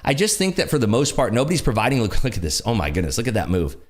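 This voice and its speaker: A man hosting a live day trading stream, excitably calling market moves and chatting with viewers. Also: medium pitch, rapid-fire. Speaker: day trading livestream host.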